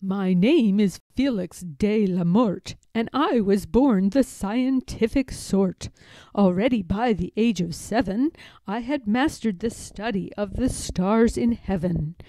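A woman's voice: mid-range voice, slow, warm tone, dry recording. A woman voicing the sad ghost of a young scientist, telling his story in a mournful, wistful way.

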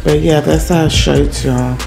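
A woman's voice: sits low, fairly even intonation, slow pace, creaky, music in the background. Chatty Southern woman vlogging from Louisiana. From Louisiana, USA. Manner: chatty, emotional, keeps calling viewers "y'all". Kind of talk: casual vlog chat to viewers. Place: outdoors at a rural family property. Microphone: handheld phone camera.

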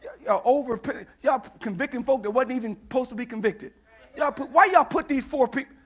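A man preaching a sermon in church, acting out Bible dialogue in call-and-response style and building into shouts. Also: very high voice, fairly quick. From United States.

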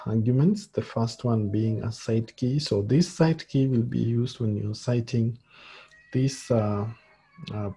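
Slow, gravelly male lecturer. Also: medium pitch, dark tone. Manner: slow, halting, many fillers. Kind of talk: screen-share coding tutorial.

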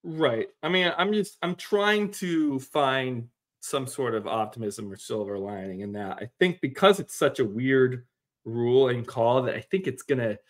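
A man's voice: mid-range voice, measured pace. Rambling man talking sports. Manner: animated, rambling with fillers. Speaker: podcast co-host. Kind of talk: casual sports chat.

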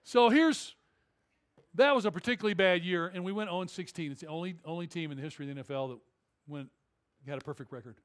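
Guy preaching in church, high-ish voice, chatty and animated, cracking jokes. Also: quick pace. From Detroit area. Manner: animated, conversational, joking. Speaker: pastor. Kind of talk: sermon storytelling. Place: church auditorium.

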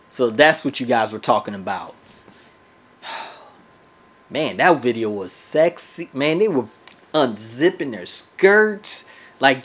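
A man hosting a reaction video, chatting excitably to his viewers with laughing asides. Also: medium pitch. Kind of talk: casual reaction commentary. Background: music video playing faintly.

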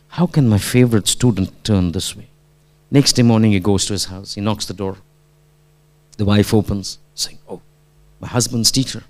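A male preacher delivers a Friday sermon in at an ordinary mid pitch. He tells a story through acted dialogue and swells into loud, emphatic exhortation.

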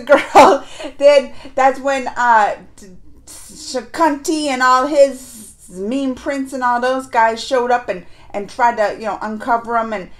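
A woman hosting a review channel, recapping episodes to viewers in a chatty, animated way and acting out characters' lines. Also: high-pitched. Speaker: reaction and review channel host. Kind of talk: casual recap chat to viewers.

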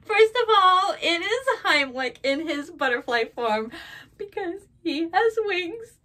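A woman's voice: very high-pitched, lively intonation, slow, pushed and bright. A young woman vlogging at home, unboxing a package on camera in a gushing, emotional way. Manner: gushing, emotional, tearful with laughter. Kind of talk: casual unboxing vlog.

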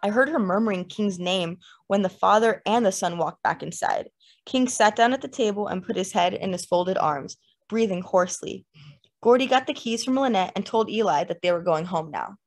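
A woman's voice: medium pitch, creaky. Woman reading a literary novel aloud. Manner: measured, lyrical first-person narration. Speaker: audiobook narrator.

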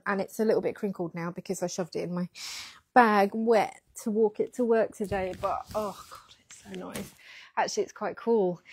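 On a pinned lapel mic with no echo, a yarn shop owner chats casually with livestream viewers during a packing stream and reads their comments aloud. Her mid-range voice has a darkish tone and a breathy edge.

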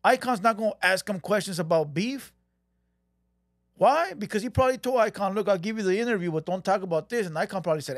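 A man's voice: high-pitched, animated, a little fast, dry recording, studio quality. A man hosting a reaction channel, ranting heatedly and repeating himself, dropping Spanish slang. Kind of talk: reaction commentary.

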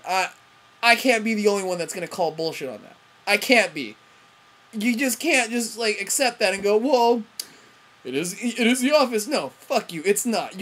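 Husky-voiced woman ranting. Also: medium pitch, a bit bright. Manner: profane, rambling, frustrated ranting; frequent self-interruptions and fillers. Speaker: TV review vlogger. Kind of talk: ranting TV episode review.

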